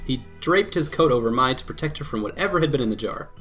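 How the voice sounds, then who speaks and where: A man hosting a let's play, reading a visual novel aloud with quick laughs and commentary. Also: mid-range voice, faint music behind. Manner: lively reading broken by laughs and asides.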